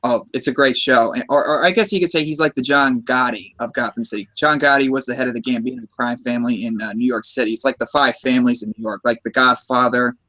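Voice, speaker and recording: A man's voice: mid-range voice, fairly even intonation, quick pace, few pauses, sharp tone. Enthusiastic American man hosting a podcast. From United States. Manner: chatty, enthusiastic, many restarts. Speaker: podcast host. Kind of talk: casual movie discussion.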